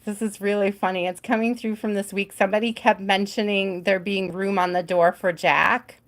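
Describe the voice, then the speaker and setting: A woman's voice: medium pitch, level tone, normal speed. Chatty giggly woman reading tarot. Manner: chatty and giggly, often trailing off with "like". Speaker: tarot reader hosting a live stream. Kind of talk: casual live tarot reading.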